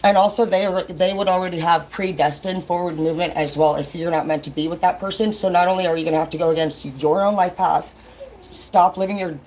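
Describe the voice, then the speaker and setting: Blunt, swearing woman vlogger, low voice. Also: darkish tone, slight background noise, poor audio. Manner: blunt, profane, talks straight to viewers. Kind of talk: casual livestream rant.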